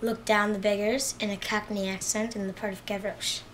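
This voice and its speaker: Woman giving a quick shy intro before singing, bright voice. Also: mid-range voice, little pitch movement, slight background noise. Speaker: singer introducing a song.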